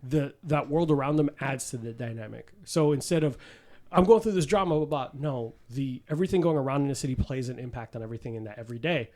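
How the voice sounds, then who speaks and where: A man hosting a podcast, chatting casually and telling animated stories, swearing freely and acting out quotes. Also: medium pitch, fast, hardly any pauses. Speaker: podcast host. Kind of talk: casual chat.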